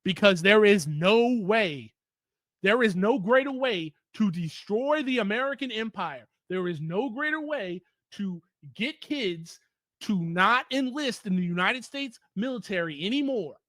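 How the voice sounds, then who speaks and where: A man's voice: sits high, a bit bright, dry recording. A man giving an opinionated political commentary monologue, heated and emphatic, repeating points for stress.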